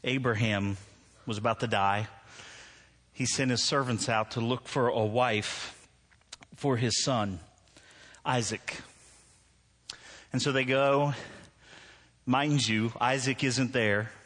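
A man's voice: mid-range voice, fairly even intonation, takes it slowly, pauses often, fairly bright tone. A middle-aged man preaching a sermon in a church, joking and self-deprecating, laughing at his own stories before turning to prayer. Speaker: pastor. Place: church sanctuary.

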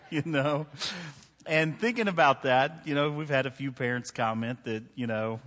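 A man in his thirties preaching to a congregation, easygoing and conversational, tossing in jokes and asking the room for agreement. His voice sits at a mid pitch. It rings out with a long reverb off a large hall. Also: normal speed, fairly bright tone. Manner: conversational, joking, asks the crowd "right?". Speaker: pastor. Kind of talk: sermon with personal stories. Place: church hall.

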